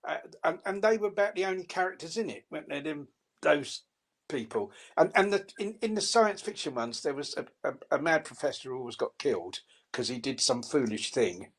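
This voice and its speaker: A man's voice: fairly high pitch, lively intonation, fairly quick, husky. An older man chatting casually as a co-host, rambling with many restarts and laughs. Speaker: radio co-host. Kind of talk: casual chat.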